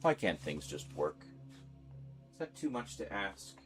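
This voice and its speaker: A man's voice: deep voice, very animated, measured pace, over music. A man streaming live, chatting casually and rambling to his viewers and his pets.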